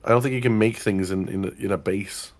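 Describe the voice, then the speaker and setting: A man's voice: lowish voice, fairly quick, darkish tone. A man co-hosting a gameplay video, dry and reasoning things through with hesitant restarts. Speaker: gaming channel co-host. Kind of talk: casual gameplay banter.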